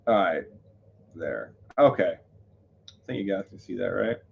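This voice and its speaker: A man on a live stream, rambling through his thoughts with plenty of fillers and self-corrections. His voice sits on the low side, and the sound is a bit muffled and lo-fi. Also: animated, measured pace, creaky. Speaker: livestreamer. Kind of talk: casual live-stream chat.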